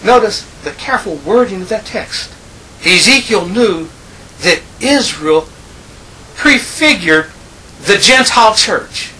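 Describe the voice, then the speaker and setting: A man's voice: lively intonation, takes it slowly, bright, forceful tone, a little hiss or hum, poor audio. A man preaching a sermon, reading scripture and pressing his points with emphatic, rising delivery. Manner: emphatic, rising in pitch and volume on key points.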